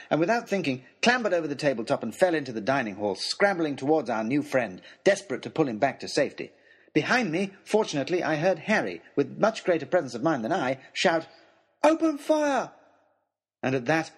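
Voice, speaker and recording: Animated male storybook narrator. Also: medium pitch, brisk, husky. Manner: dramatic, animated first-person reading.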